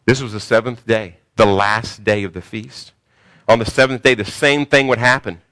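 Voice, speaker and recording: A man preaching a sermon, swinging from hushed, slow phrases to loud cries, sometimes repeating words as he searches for the next one. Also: lowish voice. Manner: emphatic, repeats words while searching for them. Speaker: pastor.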